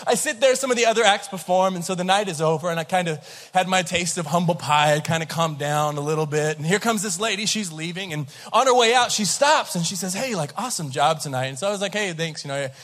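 A man in his thirties preaching a sermon, telling a story with lively acted-out voices and laughter. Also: high voice, fast. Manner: animated storyteller, acts out voices, laughs along. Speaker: pastor. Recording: large hall with long reverb.

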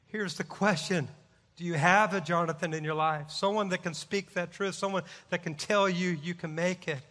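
A middle-aged man, a pastor, preaching a sermon with impassioned, rising shouts. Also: high-pitched, moderate pace, some chatter behind. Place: church sanctuary. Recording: long hall reverb.

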